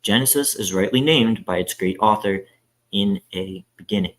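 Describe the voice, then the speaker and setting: A man's voice: on the low side, moderate pace, low-quality recording. A man reading a Bible introduction and scripture aloud, carefully, with frequent hesitant fillers and self-corrections. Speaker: scripture reader.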